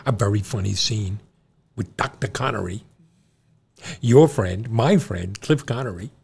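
A middle-aged man with a gravelly, low-set voice tells a story to his son, acting out the voices of the people in it. He leans into the quoted lines. There is a faint hiss under the recording. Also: measured pace. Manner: animated storyteller, acts out quoted doctors. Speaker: podcast co-host, John's father.

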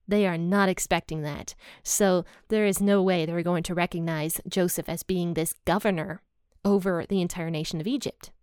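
A woman's voice: medium pitch, darkish tone, no echo, studio quality. A woman hosting a podcast, casually retelling a Bible story and thinking aloud as she goes. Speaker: podcast host.

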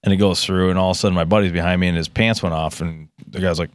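A man's voice: sits low, steady tone, racing. A man co-hosting a podcast in casual banter, blunt and teasing, swearing freely. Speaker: podcast co-host.

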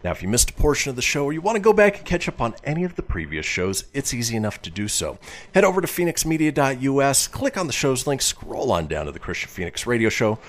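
A man's voice: medium pitch, big pitch swings, quick pace. A male radio host chatting casually and reading listener messages aloud with a jokey manner.

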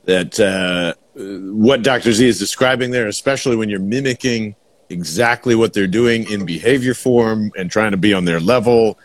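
A man's voice: on the low side, moderate pace, no echo. A man hosting a casual podcast chat, asking questions in a loose, playful way. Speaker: podcast host.

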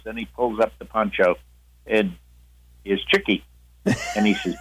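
A man's voice: mid-range voice, lively intonation, normal speed, pushed and bright, no room sound, poor audio. A man in his seventies or older, a veteran guest recounting a story in a rambling way and acting out quotes. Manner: rambling, with frequent "uh" and acted-out quotes. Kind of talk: storytelling interview.

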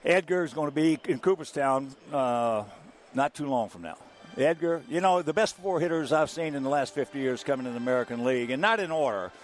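An older man, a former ballplayer, telling stories as an interview guest in an animated, chuckling way. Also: medium pitch, fairly quick. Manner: animated storyteller, chuckling through anecdotes. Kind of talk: anecdotal interview storytelling.

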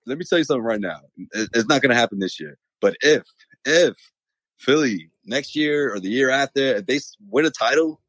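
Animated, joking man in sports banter. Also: mid-range voice, a little fast, no room sound. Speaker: podcast co-host. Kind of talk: casual sports chat.

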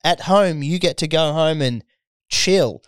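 A man's voice: a little high, a little slow, clean tone, dry recording, clean studio sound. An Australian man in his late twenties, a stand-up comic co-hosting a podcast, chatting crudely and putting on mocking voices in his stories. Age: late 20s. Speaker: podcast co-host, stand-up comedian. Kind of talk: casual chat.

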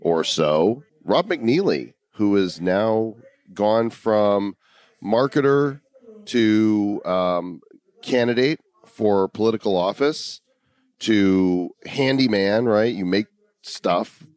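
A man's voice: on the low side, animated, slow, darkish tone, no room sound. A man hosting a podcast in a casual chat, jokey and loose. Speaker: podcast host. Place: restaurant VIP room.

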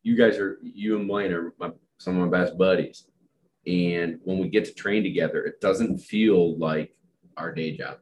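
A man's voice: low voice, fairly even intonation, normal speed, a little mellow, a little hiss or hum. A man hosting a casual podcast, a dog trainer who chats in a rambling, joking way. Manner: chatty, rambling, self-deprecating joker.

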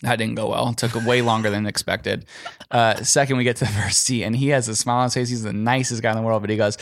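A man's voice: mid-range voice, steady tone, quick pace. A young man, a pro golfer and podcast guest, telling a story in a casual, rambling way, packed with "like" and "you know".

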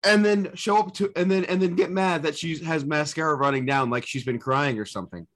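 A man's voice: on the high side, brisk, fairly bright tone. A man co-hosting a film podcast, cutting in with teasing, mock-indignant objections. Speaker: podcast co-host. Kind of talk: casual film review chat.

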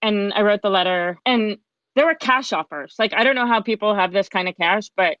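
A woman who works as a life coach, telling her story as a guest in an interview, lively and animated, acting out what people said. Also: mid-range voice, a little fast, no echo, highs cut off.

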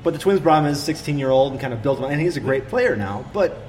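A man's voice: a little high, quick pace. A man hosting a casual sports podcast. His voice swoops up and down as he jokes and keeps the talk moving, with faint music behind him. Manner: animated, jokey, steers the talk. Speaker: podcast host.

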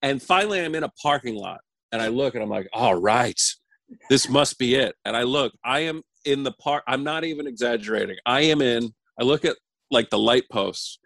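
Male guest, animated storyteller, lively intonation, dry studio sound. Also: medium pitch, a little fast, vocal fry, no echo. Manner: laughing, lively anecdote teller. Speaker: podcast guest.

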